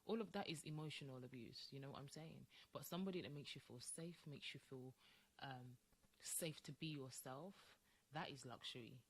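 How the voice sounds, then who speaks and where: A woman's voice: a bass voice, moderate pace, breathy edge. A woman co-hosting a podcast in casual chat, talking emphatically and acting out quoted voices. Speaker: podcast co-host.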